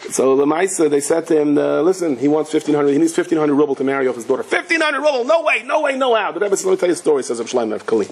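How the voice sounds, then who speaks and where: A man's voice: rapid-fire, hardly any pauses, dark tone, breathy edge. A man, a rabbi teaching a Torah class, telling stories and acting out the voices of the people in them. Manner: storytelling, acting out voices with swings of pitch.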